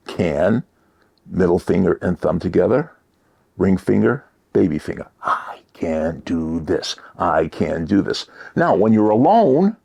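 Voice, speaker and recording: A man giving a motivational talk, shifting between loud emphasis and near-whispered asides. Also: lowish voice, gravelly. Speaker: motivational speaker.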